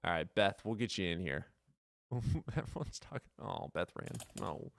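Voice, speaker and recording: A man's voice: low voice, expressive, normal speed, vocal fry, no echo, studio quality. A man hosting a casual livestream chat, teasing and swearing freely and laughing often. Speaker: livestream host.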